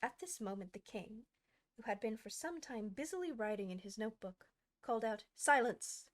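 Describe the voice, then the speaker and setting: A woman hosting a show where she reads a classic storybook aloud with a steady, clear delivery. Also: mid-range voice, brisk. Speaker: audiobook narrator, host. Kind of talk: storybook reading.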